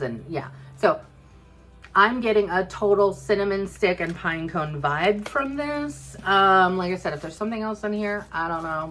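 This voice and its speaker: A woman's voice: lowish voice, a bit bright. A woman giving a bubbly, chatty product review, talking straight to her viewers with playful asides. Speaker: vlogger reviewing home fragrance.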